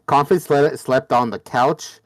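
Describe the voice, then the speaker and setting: A man's voice: mid-range voice, fairly even intonation, unhurried. A man in the middle of his range, recapping a tabletop session in a loose, rambling way full of fillers and restarts. His voice is close and dry, with no room echo. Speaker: player. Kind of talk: casual recap of a game session.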